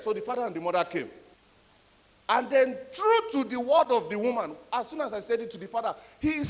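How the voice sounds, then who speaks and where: A man giving a conference talk, an animated, emphatic storyteller. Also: extremely high pitch, brisk. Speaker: conference speaker. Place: conference hall. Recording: echoey hall.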